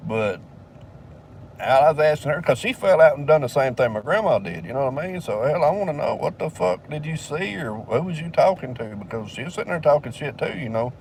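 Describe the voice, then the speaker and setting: A man's voice: on the high side, expressive, fairly quick, vocal fry, a little mellow, distant mic. Older man, profane rambling storyteller, mic set back, faint car hum. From southern United States. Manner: profane, rambling, drawling, laughs between lines. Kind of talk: casual storytelling.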